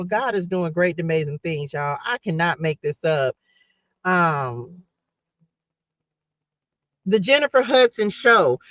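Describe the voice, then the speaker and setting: A man's voice: sits high, fairly bright tone, no echo. A man hosting a casual live spiritual talk, passionate and emotional, close to tears, often restarting and repeating phrases. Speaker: host giving a spiritual message. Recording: dull lo-fi dry sound.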